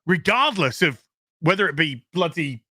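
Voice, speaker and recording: A man hosting a casual commentary show from his kitchen, ranting in an animated, sarcastic way and swearing freely. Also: fairly high pitch, moderate pace, no room sound, clean studio sound. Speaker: show host. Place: home kitchen.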